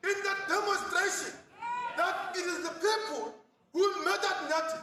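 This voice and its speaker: A man giving an impassioned rally speech at a memorial, calling out to his comrades and building to shouts. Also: very high voice, moderate pace. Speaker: union speaker at a memorial. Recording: echoey public address from a distance.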